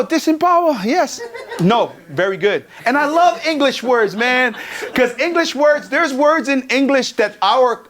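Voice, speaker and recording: A man from California giving a motivational keynote, energetic and profane, joking with the crowd in a conference hall. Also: very high-pitched. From Pomona, California. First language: Tongan. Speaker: keynote speaker.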